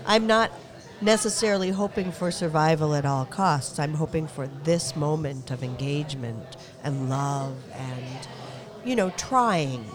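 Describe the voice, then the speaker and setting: A middle-aged woman hosting a casual podcast chat, earnest and quick to laugh. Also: deep voice. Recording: lively crowd noise behind.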